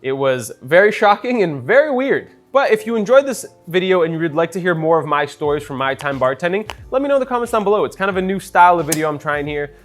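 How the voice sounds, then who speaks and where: Chatty high-voiced young bartender. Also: male voice, fast, hardly any pauses, soft background music. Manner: chatty, animated storyteller with many fillers. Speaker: bartender and cocktail vlogger. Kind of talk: casual storytelling while making a cocktail.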